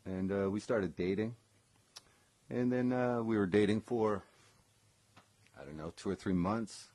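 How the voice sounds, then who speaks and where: A man's voice: fairly low pitch, a little slow, a little mellow, no echo. A man, a former session guitarist, telling a personal story in a casual live stream, rambling with lots of ums and self-corrections.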